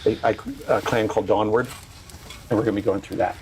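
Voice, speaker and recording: Chatty streamer with a low voice. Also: male voice, level tone, fast talker, a little mellow, slight background noise. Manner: rambling and chatty, with frequent fillers and restarts. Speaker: game streamer. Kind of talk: casual live-stream chat.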